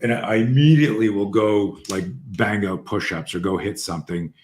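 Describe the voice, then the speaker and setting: A man with a lowish voice tells a story on a podcast, lively and loose, swearing freely as he acts out what people said. His voice rings in a roomy, echoey space. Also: normal speed, slight background noise. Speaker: podcast host. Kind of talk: storytelling in casual chat. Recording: roomy echo.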